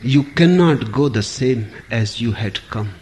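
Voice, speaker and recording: A man giving a spiritual discourse, speaking in short phrases with long pauses between them. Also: mid-range voice, animated, a little mellow, slight background noise. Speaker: spiritual teacher.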